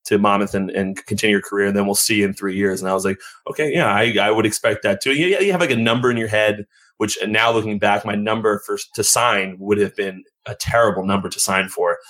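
A man, a former pitcher chatting as a podcast guest in a laid-back, joking way, often restarting his sentences. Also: quick pace, a bit bright, rough recording. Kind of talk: casual chat.

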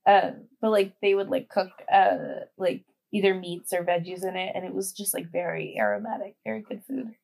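A woman's voice: medium pitch, steady tone, moderate pace, creaky, few pauses, darkish tone. Young woman, twenties, podcast guest, casual chat, chatty, filler-heavy. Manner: chatty, many fillers and giggles.

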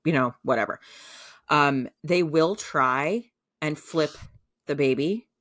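Young adult female podcast co-host, deep low voice, casual storyteller, filler-heavy, laughs easily. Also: slow, a bit bright. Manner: chatty, many fillers, laughs often.

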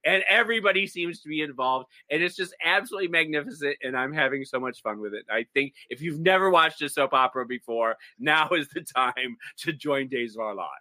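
Man, podcast co-host, animated storytelling, bright voice, dry recording. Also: fairly high pitch, fairly quick, hardly any pauses, no room sound. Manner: animated storyteller with dramatic asides. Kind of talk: casual chat, pop culture recap.

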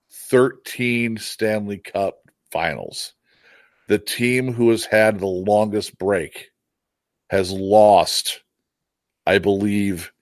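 A man's voice: lowish voice, no room sound. A man co-hosting a sports podcast, making earnest, analytical points with some stammering. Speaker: podcast co-host. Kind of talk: casual sports podcast chat.

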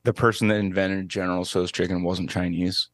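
A man's voice: sits low, flat delivery, brisk, dry recording. A man co-hosting a casual podcast, rambling and hesitant with lots of fillers. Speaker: podcast co-host. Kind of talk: casual chat.

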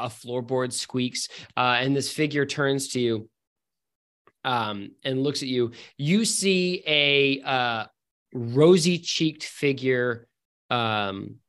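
A man narrating a tabletop game as game master, relaxed and hesitant, with many fillers. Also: medium pitch, slow pace.

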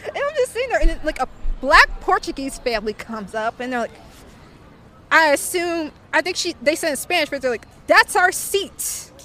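A young woman in her twenties being interviewed and telling a story casually, animated and full of "like" fillers. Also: sits high, a little fast, slight background noise.

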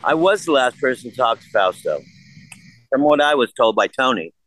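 A man's voice: medium pitch, big pitch swings, normal speed, fairly bright tone, poor audio. An older man in a casual interview, blunt and profane, rambling through stories. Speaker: guest.

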